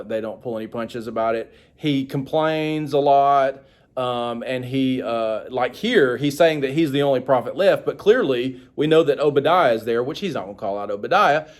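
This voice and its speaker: A man's voice: mid-range voice, darkish tone. A man teaching a Bible study, reading passages aloud and explaining them in a casual, conversational way with frequent asides. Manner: reads quotes with raised, dramatic emphasis.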